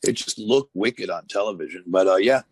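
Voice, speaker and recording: A man's voice: deep voice, brisk, no echo. A man in his fifties, a former wrestler, telling rambling stories in a casual interview, full of fillers and restarts.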